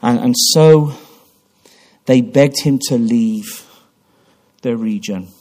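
A man's voice: medium pitch, slow pace, darkish tone. A man preaching a sermon in church, telling a story with passion and frequent restarts. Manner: impassioned storytelling with repeated restarts.

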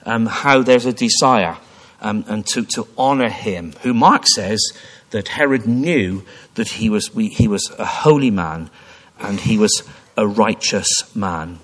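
A man's voice: on the low side, measured pace. A man preaching a sermon in church, emphatic and fervent, with many restarts and repeated phrases. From Wales. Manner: emphatic, rising to fervent repetition with frequent restarts.

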